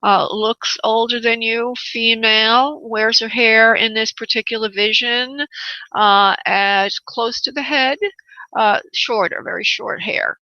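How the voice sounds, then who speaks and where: A woman psychic medium on a call-in radio show, with a bright, clear-edged voice. She speaks gently and calls her callers honey and love, with frequent uh fillers. The audio is dry and a little dull, like lo-fi web radio. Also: on the high side, steady tone, slow, no echo.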